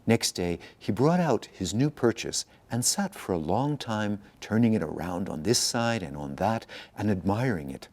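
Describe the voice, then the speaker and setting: A man reading a fairy tale aloud, with expressive storytelling narration. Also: lowish voice, moderate pace, few pauses. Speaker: institute director reading aloud. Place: institute in Tokyo.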